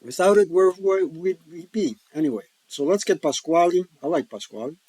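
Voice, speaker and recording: A man's voice: a little high, moderate pace, warm tone, husky, no echo, poor audio. A man casually talking through a solo board wargame, joking and rambling with folksy asides. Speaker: board wargame player and host. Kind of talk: casual solo-play commentary.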